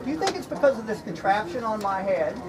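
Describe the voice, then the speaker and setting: Surrounded by crowd noise outdoors, a man speaks fast in a high, animated voice as a jolly, folksy, slightly mad Straw Hatter. The jokey comedy skit is part of a reenactment event, and he laughs at his own gags.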